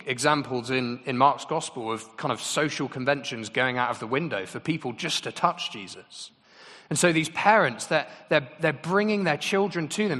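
A man's voice: mid-range voice, a bit bright. A man preaching a sermon in a chatty, conversational way, often asking the congregation questions. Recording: long hall reverb.

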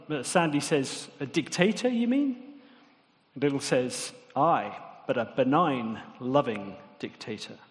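A man delivers a sermon in a church hall, speaking conversationally and turning to the congregation with questions. His voice sits a little higher than most men's. A long reverb from the hall trails behind each phrase. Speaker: preacher.

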